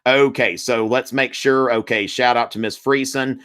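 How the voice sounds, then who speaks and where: A man's voice: medium pitch, steady tone, normal speed, a bit bright, smooth. A man, hosting a live-streamed history review, chatty and full of fillers, calling the viewers y'all.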